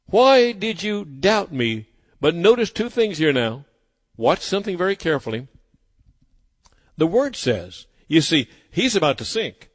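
A man's voice: a little high, husky. A man preaching a sermon, emphatic and driving his points home by repeating phrases. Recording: long hall reverb.

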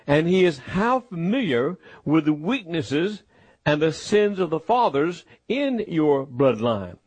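A man preaching a sermon in a slow, emphatic, repetitive way. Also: on the high side, very animated, darkish tone, breathy edge, no echo.

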